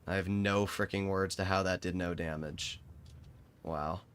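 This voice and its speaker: A man's voice: sits low, steady tone, a little slow, a bit bright, a little hiss or hum. A young man streaming a tank game live, giving sarcastic, exasperated commentary to his chat. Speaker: gaming streamer.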